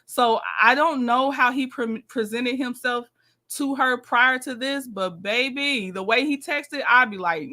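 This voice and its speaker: Woman, livestream host, bright and forceful voice, chatty and direct with her chat. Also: high-pitched, unhurried. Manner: chatty, talks to viewers, reads texts aloud. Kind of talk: casual live commentary.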